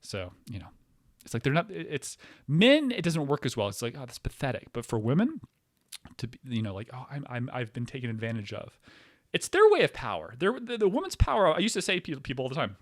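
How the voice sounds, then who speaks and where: A man's voice: fairly high pitch, huge pitch swings, fairly quick, dry recording, studio quality. A man hosting a comedic podcast, rambling and provocative, with constant use of "like" as a filler. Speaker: podcast host. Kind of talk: casual comedic podcast monologue.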